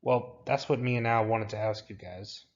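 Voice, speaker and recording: A man's voice: on the low side, fairly even intonation, normal speed, highs cut off, lightly acted. A man voicing a bossy, focused young woman who talks curtly and commandingly. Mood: plain. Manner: curt and commanding.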